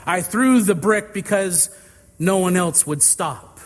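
A frightened young boy, as a man puts him on begs tearfully for help in a slow, slightly high voice. A long reverb hangs behind every word. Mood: pleading. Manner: pleading, tearful.

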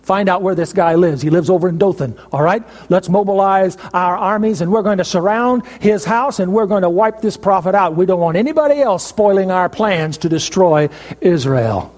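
A preacher voicing a furious enemy king who gives gruff commands. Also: high voice, normal speed, darkish tone, in a large hall, close to an everyday voice. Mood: commanding.

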